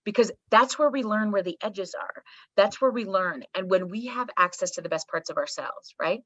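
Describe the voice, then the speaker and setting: A woman's voice: medium pitch, normal speed, a bit bright, no echo, muffled recording. A woman psychologist guest talking emphatically on a podcast, swearing casually and checking in with "right?" and "okay". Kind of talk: energetic podcast conversation.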